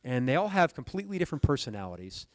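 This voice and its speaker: A man's voice: medium pitch, sing-song, very fast, no echo, low-quality recording. A man delivering a motivational keynote speech at a conference, telling stories and speaking directly to the audience. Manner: storytelling, addresses the audience directly. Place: conference hall stage.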